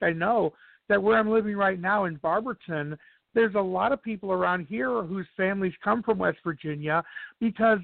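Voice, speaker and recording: High-voiced man rambling over a tinny line. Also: gravelly, dry recording. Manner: rambling, anecdotal, many restarts. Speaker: guest. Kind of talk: casual interview chat. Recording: dry tinny phone-like sound.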